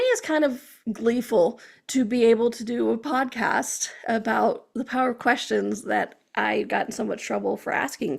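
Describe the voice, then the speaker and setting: A woman hosting her own podcast, talking in a chatty, animated motivational monologue and often checking in with "okay?". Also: fairly high pitch, vocal fry, slightly rough. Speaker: podcast host.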